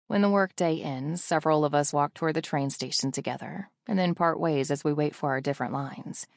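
A woman's voice: low-pitched, vocal fry, no echo, clean studio sound. A woman narrating a first-person romance audiobook in an intimate, wistful way.

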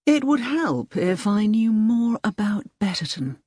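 A woman voicing a weary male security official in an audiobook reading, measured and level. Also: mid-range voice, sing-song, darkish tone, slightly rough, no room sound, clean studio sound, voice pushed up.

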